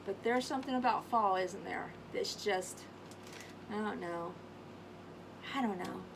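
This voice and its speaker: A woman hosting a casual craft tutorial, chatting warmly to viewers and humming little scat tunes as she works. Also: mid-range voice, measured pace, creaky, background noise. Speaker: craft video host. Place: home craft space on an acreage.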